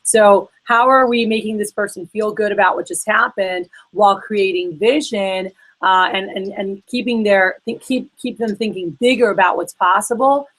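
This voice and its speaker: A woman's voice: medium pitch, moderate pace, fairly bright tone, low-quality recording. A woman leading a sales training workshop, talking casually and acting out phone calls with her reps. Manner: chatty, acts out phone calls in quoted voices.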